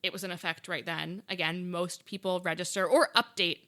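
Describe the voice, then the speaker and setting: A woman's voice: on the low side, fairly even intonation, brisk, fairly bright tone. A woman advocate guesting on a podcast, explaining rules in a matter-of-fact way with dry wit. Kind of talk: casual explanatory interview.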